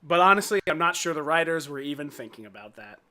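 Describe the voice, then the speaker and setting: Bright-voiced man recapping a show. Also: a little high, lively intonation. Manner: recaps scenes with quick acted-out quotes. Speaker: podcast co-host. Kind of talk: casual recap chat.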